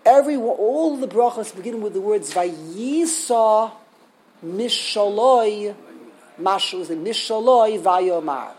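A man's voice: high-pitched, slow pace, darkish tone, rough recording. A man, a rabbi, giving a Torah sermon, asking rhetorical questions and often repeating and restarting his words.

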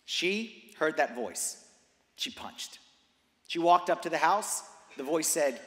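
A man delivers an animated sermon, his voice pitched high and ringing bright. He drops to near-whispers, then climbs into loud, emphatic bursts, hammering each point with repetition. The sound carries a long, echoing church reverb. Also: slow. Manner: drives points home with repeated phrases. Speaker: preacher.

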